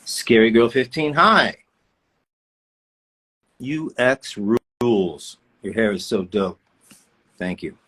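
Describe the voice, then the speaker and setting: A man at a live fan autograph session, reading questions aloud in a playful, animated way. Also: medium pitch, slow pace, pauses often, husky.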